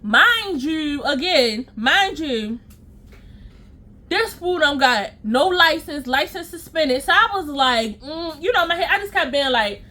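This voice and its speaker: A young adult woman, casually telling a storytime vlog, animated and slangy, laughing at herself. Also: sits high, slow. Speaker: storytime vlogger.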